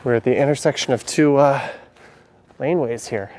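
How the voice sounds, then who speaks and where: A man talks casually while he walks a city at night, reading chat questions aloud and answering them. His voice sits at a middling pitch, picked up outdoors by a camera mic with faint street noise and passing cars behind him. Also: normal speed, a little mellow. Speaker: live-stream walking vlogger. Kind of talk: casual live-stream narration reading chat.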